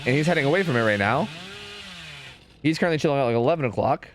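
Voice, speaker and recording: A man streaming and casually commentating a competitive match, chatty and profane, thinking out loud. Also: medium pitch, lively intonation, fast talker, background noise.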